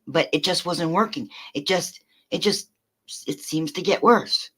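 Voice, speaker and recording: A woman's voice: on the low side, unhurried, fairly bright tone, breathy edge. A woman in casual conversation, talking earnestly, often restarting her sentences and swearing casually as she works through her thoughts. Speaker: host.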